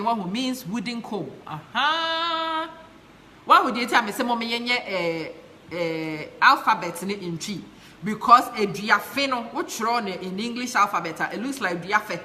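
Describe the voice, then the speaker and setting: Ghanaian woman, lively live-stream host, passionate, bright and forceful tone, faint hiss behind. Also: lowish voice. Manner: passionate, switches between English and Twi. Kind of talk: live-stream chat reading viewer comments.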